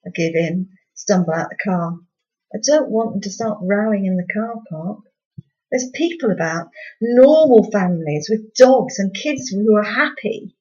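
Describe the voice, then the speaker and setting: A woman reads her own novel aloud in wry, first-person storybook narration. Her pitch sits mid-range, and the recording is dull and lo-fi. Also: animated, measured pace, dark tone. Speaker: author reading her novel.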